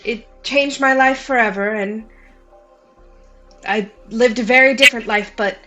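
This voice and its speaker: A woman's voice: fairly high pitch, a little slow, lo-fi sound, music in the background, natural voice. Woman playing a grand old swan lady, gushing. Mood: wistful. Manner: gushing, calls everyone darling. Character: elderly female swan, grand, theatrical, tearful.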